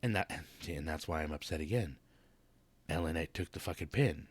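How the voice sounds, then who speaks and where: Deep-voiced man ranting about wrestling. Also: a little fast, husky, no room sound. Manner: blunt, profane, rambling. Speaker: wrestling vlogger. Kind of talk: casual wrestling recap rant.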